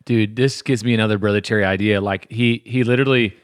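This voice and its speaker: A man co-hosting a podcast, jumping in eagerly with quick reactions in casual chat. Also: on the low side, fairly even intonation, no echo, clean studio sound. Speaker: podcast co-host.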